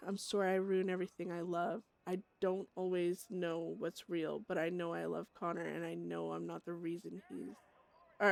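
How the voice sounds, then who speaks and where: A woman voices a troubled outlaw woman who hears voices and craves drugs, speaking her thoughts as a quiet, halting inner monologue. Her voice is on the low side and gravelly, with no echo.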